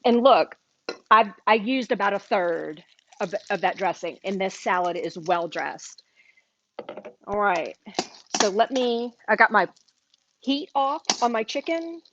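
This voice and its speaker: A woman's voice: mid-range voice, lively intonation, measured pace, pauses often, background noise. Chatty Southern woman hosting a cooking stream. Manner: chatty, enthusiastic, talks while eating. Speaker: cooking show host. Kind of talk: live cooking demo chat. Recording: dry, slightly dull livestream audio.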